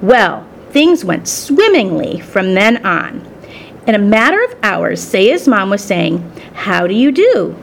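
Woman, children's story read aloud, first-person narration, expressive, varied pitch, faint background hiss. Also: slow pace, gravelly. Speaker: storybook reader.

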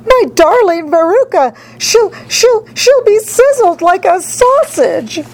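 A woman's voice: sing-song, takes it slowly, a little mellow, full character voice. A woman voicing a panicked, shrieking middle-aged mother in a storybook reading. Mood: frantic. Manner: high-pitched panicked shrieking.

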